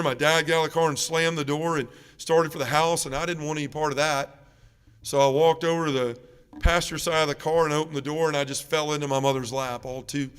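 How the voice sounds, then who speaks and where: A man's voice: fairly high pitch, clean tone. A man giving an emotional personal testimony at a parish mission, telling his story with feeling. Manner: emotional storytelling, rising loud when reliving arguments. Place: church. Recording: echoey church with long reverb.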